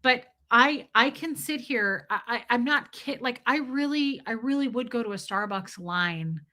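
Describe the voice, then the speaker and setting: Bright-voiced woman chatting on a livestream. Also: a little high, measured pace. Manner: chatty, reads chat aloud, giggly. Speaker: livestream host. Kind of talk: casual livestream chat.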